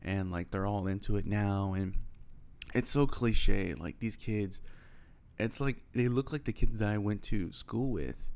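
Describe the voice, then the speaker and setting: A young man from Houston tells a loose, profane story in a casual monologue and acts out the voices of everyone in it. His voice sits a little low and has a gravelly, fry-laden texture. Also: measured pace. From Houston, Texas. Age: young adult. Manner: rambling, profane, animated retelling with quoted dialogue.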